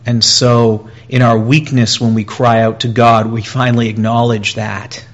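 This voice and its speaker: A man preaching a sermon in an earnest way, repeating phrases and pausing, and growing louder and higher when he voices pleas. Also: level tone, highs cut off. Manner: earnest, with pauses and repetition, rising and louder in quoted pleas.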